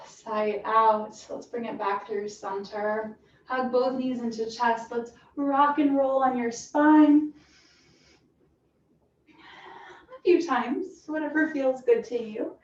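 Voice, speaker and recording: A woman fitness instructor calmly cueing a stretching class with encouraging guidance. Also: fairly high pitch, slow pace. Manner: calm, encouraging cueing with soft breathy asides. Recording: roomy, distant, dull sound with faint hiss.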